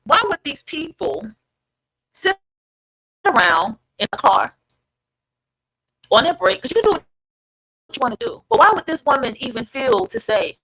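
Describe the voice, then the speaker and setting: A woman's voice: sits high, big pitch swings, measured pace, long pauses, pushed and bright, no room sound, rough recording. A woman hosting an online podcast, talking casually and emphatically to her listeners and swearing freely. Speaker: podcast host. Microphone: streamed online podcast.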